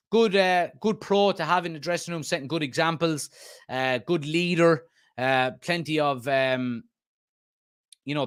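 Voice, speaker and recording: A man's voice: on the high side, fairly bright tone, no room sound, clean studio sound. A man, hosting a football fan live stream, reading comments aloud and rambling casually with many fillers. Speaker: host of a football fan channel.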